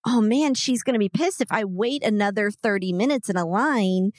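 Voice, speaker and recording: A woman co-hosting a podcast, chatting casually and giving practical, calm advice. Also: mid-range voice, normal speed, dry recording, studio quality. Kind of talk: casual chat.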